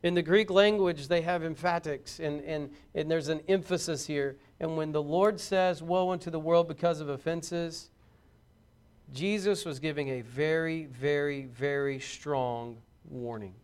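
A man preaching a sermon in a church, reading scripture and building to loud, fervent intensity. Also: fairly high pitch, a little slow, hardly any pauses, clear, resonant tone. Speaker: pastor.

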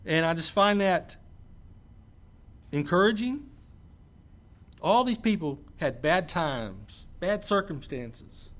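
Preacher, slightly high voice. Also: male voice, animated, slow pace, pauses often, fairly bright tone. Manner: conversational asides, checks in with listeners. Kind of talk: sermon with scripture reading.

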